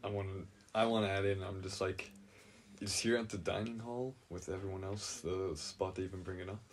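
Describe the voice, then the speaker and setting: A man's voice: low voice, fairly even intonation, a little fast. A man playing in a tabletop game, speaking tentatively and asking questions. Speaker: player. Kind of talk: casual chat.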